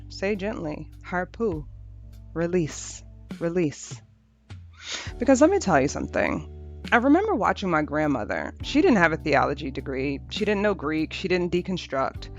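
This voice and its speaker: A woman hosting a podcast, talking through a reflective spiritual monologue in a gentle, unhurried way, repeating phrases for rhythm. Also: fairly low pitch, big pitch swings. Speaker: podcast host. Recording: dull lo-fi audio with faint music.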